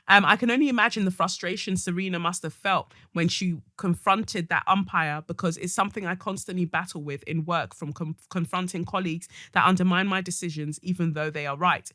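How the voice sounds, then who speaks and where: A woman's voice: lowish voice, sharp tone, dry recording, studio quality. A woman hosting a solo podcast, reading a listener's letter and talking bluntly and passionately, with comic rants. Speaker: podcast host.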